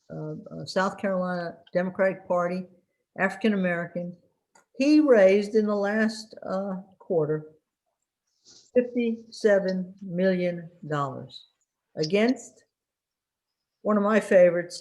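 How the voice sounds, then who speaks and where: In a fairly low, slightly mellow voice, a female political commentator delivers an election briefing off the cuff. She pauses frequently with fillers as she tries to recall names, slipping in dry, wry remarks.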